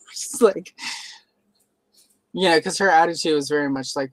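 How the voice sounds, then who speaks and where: A man with a fairly high voice tells workplace stories in a relaxed live-stream chat. He slips into the voices of the people he quotes. The sound is dry and close. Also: a little slow, pauses often, dry recording. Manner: animated storyteller who acts out quoted voices. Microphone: live stream microphone.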